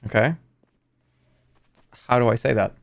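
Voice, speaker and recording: A man's voice: mid-range voice, unhurried, gravelly, no room sound, studio quality. A man streaming a game with friends, joking and laughing easily in casual chat.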